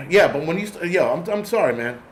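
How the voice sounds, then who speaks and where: A man's voice: fairly high pitch, lively intonation, brisk, roomy sound, a little hiss or hum. A man from the United States hosting his channel, giving an angry, profane, rambling livestream rant full of restarts. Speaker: host.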